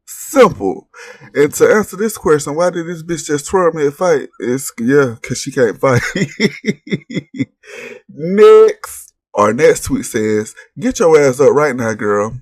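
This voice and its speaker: A man with a husky, slightly breathy voice hosts a casual recap vlog. He talks in a brash, blunt way, full of profanity and mockery. The sound is dry and close, with no room around it. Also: fairly high pitch, expressive, slow, no room sound. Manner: brash, blunt, profane trash-talk with laughs. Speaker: reality TV recap host.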